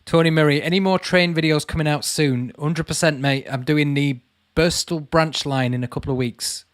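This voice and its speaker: A man's voice: a little high, steady tone, normal speed, no echo, clean studio sound. A man hosting a casual livestream, reading out viewers' comments and chatting back to them. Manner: chatty, calls viewers mate, reads comments aloud. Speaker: channel host answering live chat.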